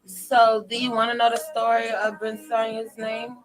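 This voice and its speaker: A woman's voice: a little high, moderate pace, music in the background, poor audio. Chatty woman hosting a tarot stream. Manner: laughs often, animated and chatty. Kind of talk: casual live-stream chat.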